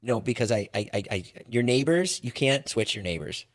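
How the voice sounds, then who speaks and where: A man's voice: mid-range voice, moderate pace. A man co-hosting a podcast, telling stories in casual chat with frequent laughs and stumbling repeats. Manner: animated storyteller, laughs often, repeats words. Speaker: podcast co-host.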